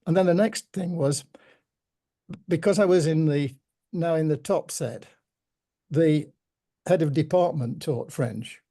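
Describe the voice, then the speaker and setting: An older man with a Yorkshire accent and open northern vowels speaks in a slightly high, mellow voice. He tells stories in a measured, thoughtful way, with gentle humour. He sounds like a guest settling into a reminiscing conversation. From Yorkshire, England. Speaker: interviewee.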